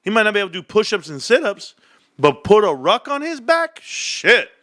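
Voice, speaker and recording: A man hosting a casual livestream chat from his home desk, animated, swearing and laughing often. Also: high-pitched, normal speed. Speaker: livestream host.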